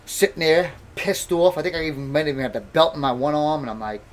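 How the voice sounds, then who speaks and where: A man in his thirties, a boxer hosting a live stream from home, talks fast in a fairly high, expressive voice. He tells rambling, self-mocking stories in casual chat and bursts into loud laughter.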